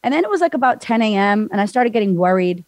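A woman's voice: medium pitch, big pitch swings, fast, darkish tone, no room sound. Frank woman telling her story, dry sound. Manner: frank, breathless retelling full of "like", acts out voices. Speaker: podcast guest. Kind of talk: candid personal storytelling.

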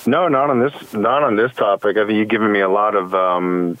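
A man with a low voice calls in to a coaching show. He answers thoughtfully and agreeably, pausing often with ums as he works through how he would handle a coworker. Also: steady tone, a bit bright, a little hiss or hum, poor audio. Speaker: caller. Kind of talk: call-in conversation.

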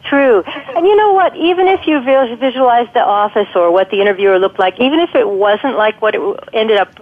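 A woman guest expert giving thoughtful, explanatory advice in an interview, pausing often with ums. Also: on the high side, lively intonation. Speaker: guest expert on guided imagery. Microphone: telephone. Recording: tinny phone line.

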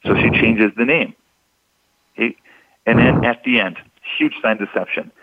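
Man, husky voice, instructive and emphatic, dry close sound, dull lo-fi radio audio. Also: medium pitch, normal speed, no room sound. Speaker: deception expert guest. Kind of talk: explanatory radio talk.

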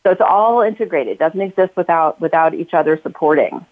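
A woman's voice: sits low, animated, a little fast. A woman author, a guest in a casual interview, who talks at length and acts out the lines she says to her children. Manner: talkative, acts out quoted lines to her kids. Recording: tinny phone-like line.

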